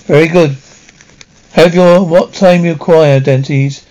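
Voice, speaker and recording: A man's voice: fairly high pitch, fairly even intonation, takes it slowly, a little mellow. A man voicing a kindly older shipowner who speaks to his sailor in an encouraging way. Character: kindly older male shipowner, generous employer. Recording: dull lo-fi recording.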